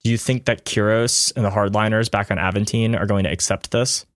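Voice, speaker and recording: A man voicing a world-weary, condescending former comrade in a tabletop game, speaking in a measured way. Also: on the low side, steady tone, dry recording, studio quality, lightly acted. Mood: grave.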